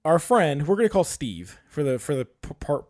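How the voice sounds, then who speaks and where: Higher-pitched man telling a story. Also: normal speed. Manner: animated storyteller, swearing freely. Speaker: podcast co-host. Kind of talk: casual chat.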